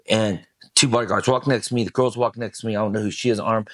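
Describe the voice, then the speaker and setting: A middle-aged man, a podcast guest, telling a personal story in casual talk, swearing freely and acting out what people said in a raised, animated voice. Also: on the low side, fast talker, no room sound, studio quality. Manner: animated, swears, acts out quoted lines in a raised voice.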